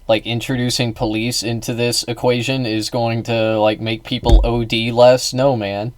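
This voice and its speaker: A man commenting on a video in a casual, halting way, with many fillers and restarts. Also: mid-range voice, flat delivery.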